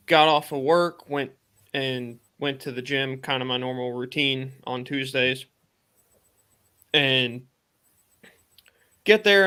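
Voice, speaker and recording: A man's voice: mid-range voice, a bit bright, smooth. A man hosting a live stream, casually retelling a personal story in a rambling way with lots of fillers and quoted thoughts. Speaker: podcast host.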